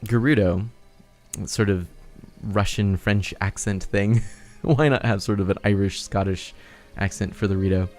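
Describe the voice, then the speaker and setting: A man's voice: fairly low pitch, fairly even intonation, unhurried, darkish tone, soft background music. A young man streaming a game live, casual and chatty, reading chat and laughing often.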